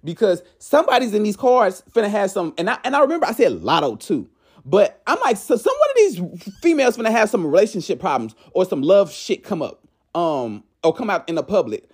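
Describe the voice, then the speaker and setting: A podcast host chatting casually at home late at night, gossiping and reading cards in an animated, profane way with frequent laughter. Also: mid-range voice, a little fast, slightly rough.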